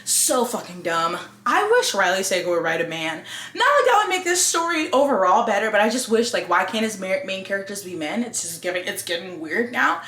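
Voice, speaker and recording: A woman reviewing books in a casual, blunt, expressive way and swearing freely. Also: medium pitch, brisk, reverberant. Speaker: book reviewer.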